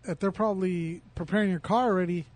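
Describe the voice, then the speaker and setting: A man's voice: high voice, fairly even intonation, fast, a little mellow. A man chatting with friends, chiming in with short reactions. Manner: reacts with short agreeing remarks. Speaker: friend listening. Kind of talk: casual chat.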